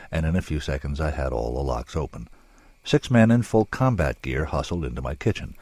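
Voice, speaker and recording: A man narrating a story in a measured, dramatic way, with drawn-out pauses. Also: rumbling low, darkish tone, slightly rough, no room sound.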